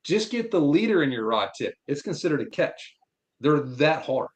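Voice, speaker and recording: A man from Florida, a podcast guest, telling fishing stories in a blunt, animated, opinionated way. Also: on the high side, moderate pace. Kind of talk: casual fishing chat.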